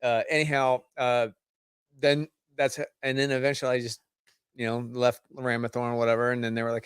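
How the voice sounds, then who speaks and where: A drunk man rambles through a story, cursing freely and restarting his sentences. His voice sits at an ordinary middle pitch. The sound is dry and close, with no room around it. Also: fairly even intonation, fast, smooth, dry recording. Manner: rambling, heavy swearing, tipsy storytelling. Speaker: guest. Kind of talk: casual drunk bar chat.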